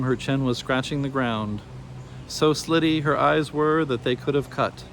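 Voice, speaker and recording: A man's voice: mid-range voice, slight background noise. Man reading a storybook aloud. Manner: expressive, measured storytelling. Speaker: narrator.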